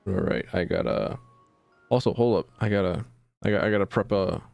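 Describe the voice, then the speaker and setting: A man's voice: low voice, brisk, vocal fry, darkish tone, no room sound, soft background music. A young man streaming a video game, rambling in a self-deprecating way and fussing at his microphone. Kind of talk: casual gameplay commentary.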